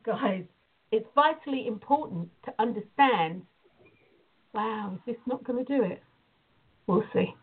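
A woman telling a story and teaching in casual talk on a call, animated, acting out the voices in her stories. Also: fairly high pitch, breathy edge. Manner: animated storytelling, acts out quoted dialogue. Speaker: prayer and visualization teacher. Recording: tinny phone-like line.

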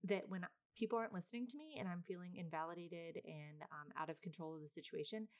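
Speaking quickly and straight to her audience, a thirty-something mom rambles through a lengthy personal tale on her casual vlog. Her somewhat low voice is packed with fillers and side comments, and she describes herself as very loud.

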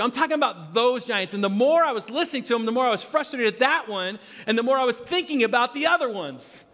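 A man preaching a conversational sermon as pastor, animated, with restarts. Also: very high-pitched. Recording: long hall reverb.

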